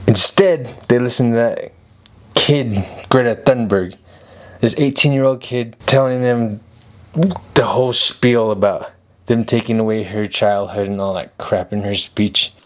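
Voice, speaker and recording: A man's voice: medium pitch, unhurried. A man hosting a casual commentary vlog, talking bluntly and rambling, repeating himself. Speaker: video host.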